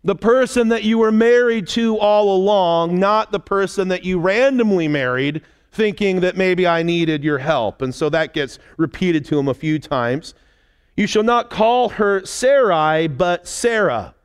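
A man's voice: high voice, moderate pace, few pauses, clean tone. A man, a pastor, teaching through a Bible passage in a conversational way with wry asides.

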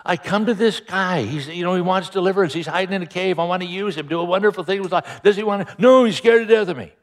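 A man voicing God as an exasperated, baffled figure in a lively, self-mocking, conversational way. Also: sits high, quick pace, voice pushed up, natural voice. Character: exasperated God puzzling over a doubting man.

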